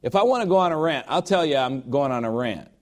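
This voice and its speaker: A man with a somewhat high voice preaches to his congregation. He talks in an emphatic, emotional way, drifts into personal asides and repeats phrases to hammer them home. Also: expressive, fast. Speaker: pastor. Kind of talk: sermon.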